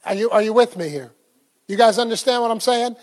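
A man's voice: extremely high pitch, fairly quick, darkish tone, long reverb tail. A man preaching a sermon in a conversational way, quizzing the congregation and laughing often. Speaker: pastor.

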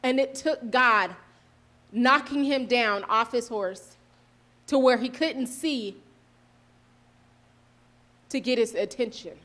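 Woman, preacher, reads scripture aloud, earnest, deliberate emphasis, self-correcting, fairly high voice. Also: fairly bright tone. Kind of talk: sermon with scripture reading.

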